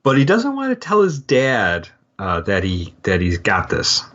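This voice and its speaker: Very deep-voiced man, rambling casually. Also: wildly swooping pitch, unhurried, fairly bright tone, dull audio. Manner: rambling, many fillers and restarts. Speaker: podcast co-host. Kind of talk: casual book-club discussion.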